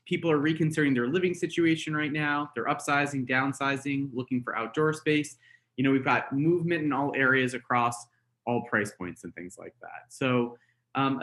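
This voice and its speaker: A man's voice: mid-range voice, fairly bright tone. An American man, a real estate trainer, talks casually through a webinar, coaching with many fillers and "right?" tags. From United States. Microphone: webinar call mic.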